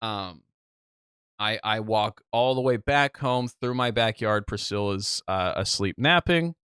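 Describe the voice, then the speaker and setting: A young man from the Midwest telling a story on a podcast in a casual, animated way, swearing freely and acting out what people said. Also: on the low side, unhurried, clear, resonant tone, no echo, studio quality. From Midwest United States. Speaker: podcast co-host.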